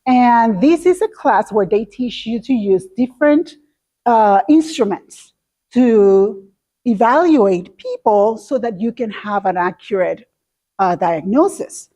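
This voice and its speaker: A woman's voice: mid-range voice, mellow. A middle-aged woman with a Spanish accent telling a personal story in a talk, acting out her own past reactions. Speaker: speaker.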